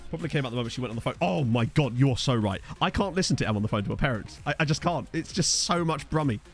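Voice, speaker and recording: Soft background music sits under a fast, mid-range male voice with lively intonation. It belongs to a young Essex-accented man casually streaming a football management game, reading his chat out loud and tossing in jokey remarks.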